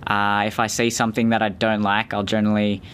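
18 yo guy, lowish smooth voice, kinda unsure how to describe himself. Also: monotone, quick pace, a bit bright. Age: teens. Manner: hesitant, searching for words.

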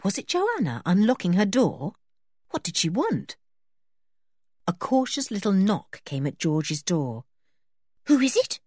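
A woman's voice: mid-range voice, very animated, measured pace, a little mellow, breathy edge, dry recording, clean studio sound. A woman narrating a children's storybook expressively and switching into voices for the characters. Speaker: audiobook reader.

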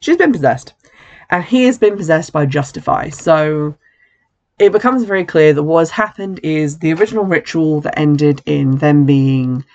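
A host talks through a horror film's plot in a casual, chatty way, dropping wry asides along the way. The voice sits at a middle pitch, and the speaker often stops to correct themselves mid-sentence. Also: animated, moderate pace, a little mellow, highs cut off. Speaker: film recap host. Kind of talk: casual film recap narration.

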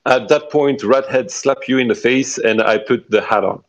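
A man's voice: mid-range voice, poor audio. A man running an improvised tabletop role-play over a voice call, hesitant and full of restarts. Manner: halting, many restarts and fillers. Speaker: game master and player.

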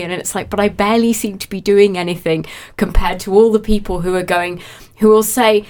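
A woman PhD student speaks in an animated, conversational way. She slips into quoted voices to act out what others say. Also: medium pitch, a little fast, hardly any pauses. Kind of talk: casual podcast chat.

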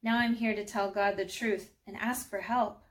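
A woman's voice: mid-range voice, steady tone, moderate pace, lightly acted. A devout woman speaks earnestly and pleadingly in a children's storybook reading, as a woman reader takes her part. Her voice is heartfelt and sincere. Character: sorrowful devout praying woman.

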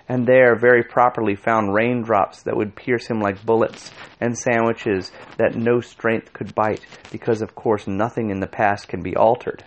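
A man giving a measured, scripted audiobook narration. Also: lowish voice, steady tone, highs cut off.

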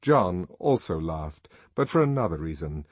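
A man narrating a novel in a measured, expressive audiobook reading. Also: deep voice, breathy edge, no echo. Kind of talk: scripted narration.

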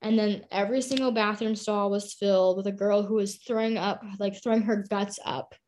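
A woman's voice: mid-range voice, steady tone, normal speed, darkish tone, slight background noise. A young woman in her twenties, a podcast guest, chatting through a story and using "like" a lot. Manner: chatty, lots of "like". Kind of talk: casual storytelling.

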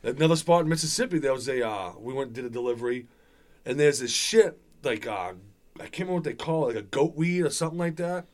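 A man in casual podcast chat who tells stories with lots of swearing and grows loud and excited as they build. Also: medium pitch, fast talker. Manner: animated, profane, gets loud telling stories.

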